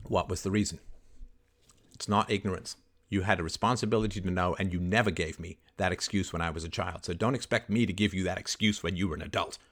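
A man hosting a call-in advice show, scripting a confrontation in forceful, indignant tones with rapid rhetorical questions and swearing. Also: deep voice, fairly even intonation. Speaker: host.

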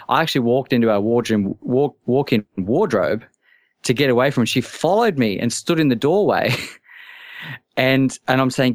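A man's voice: mid-range voice, no echo, studio quality. A man calling in to a talk show, telling a personal story anxiously, stammering and restarting often. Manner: halting, stammering, many restarts. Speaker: caller.

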